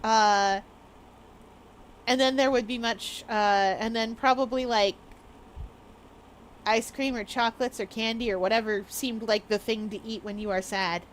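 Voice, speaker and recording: A woman's voice: fairly high pitch, fairly even intonation, unhurried, pauses often, a little hiss or hum. A woman streamer chatting casually with her viewers, bubbly and rambling, laughing often. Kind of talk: casual live-stream chat.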